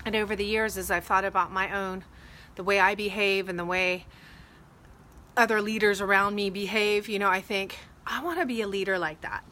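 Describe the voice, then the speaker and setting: Uma mulher fala de forma descontraída para a câmera sobre liderança e fé, contando histórias com falas encenadas de um jeito animado. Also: female voice, mid-range voice, normal speed. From Texas. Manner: chatty, animated retelling with acted quotes. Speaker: real estate agent vlogger. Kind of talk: casual faith talk to camera.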